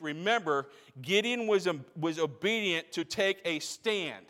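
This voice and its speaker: A man's voice: sits high, lively intonation, unhurried, a bit bright, big-room sound. A man preaching a sermon as pastor, repeating phrases and building in intensity.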